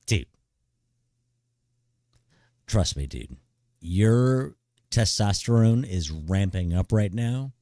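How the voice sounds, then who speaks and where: The voice is fairly low, warm and animated, taking its time with many pauses. It belongs to a middle-aged man chatting casually on a live stream, offering laid-back but blunt, profane big-brother advice and constantly saying "dude." The sound is dry and clean, like a studio.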